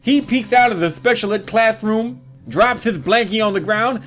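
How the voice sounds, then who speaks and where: Guy doing a crude comedy storytime, high voice bouncing all over, faint music under it. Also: moderate pace, fairly bright tone. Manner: crude, mocking, punchline-driven delivery.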